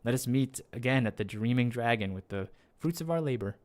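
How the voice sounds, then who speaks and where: A man voicing a composed noble male knight in measured, courtly phrasing. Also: medium pitch, lively intonation, close to an everyday voice. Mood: commanding.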